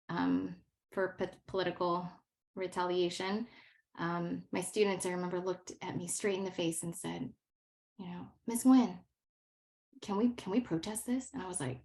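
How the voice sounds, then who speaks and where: A woman in her thirties, a teacher giving a workshop presentation, telling stories animatedly with frequent laughs and many ums. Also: mid-range voice. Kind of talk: presentation talk.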